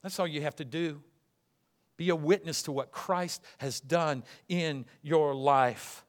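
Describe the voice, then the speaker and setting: A man's voice: on the high side, slow pace. A man preaching a sermon, emphatic and repetitive, acting out the voices he quotes. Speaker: pastor.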